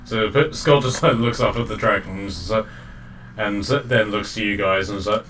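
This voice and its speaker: A man with a lowish, slightly bright voice narrates a tabletop game as dungeon master at a normal speed, keeping it chatty and loose with plenty of fillers and laughter. The mic sits at a distance and picks up faint background noise.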